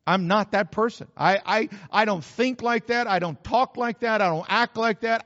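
A man's voice: sits high, moderate pace, few pauses, a bit bright, in a large hall, lo-fi sound. An older man, preaching a sermon as pastor in an emphatic, repetitive, folksy way. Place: church.

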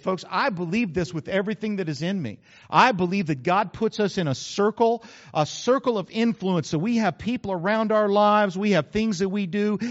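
Male pastor, high-pitched, emphatic conversational preaching, somewhat muffled recording. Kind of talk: sermon.

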